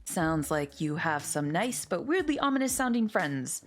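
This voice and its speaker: A woman voicing a dim-witted male cat detective in a noir story game, with a dry, flat delivery. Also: lowish voice, moderate pace. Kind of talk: reading a story game aloud.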